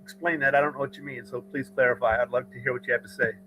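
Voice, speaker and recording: A man's voice: mid-range voice, steady tone, rapid-fire, bright, forceful tone, slight background noise, poor audio. A man hosting a casual livestream chat, talking in an opinionated, rambling way with frequent restarts. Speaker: podcast host. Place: rural home studio.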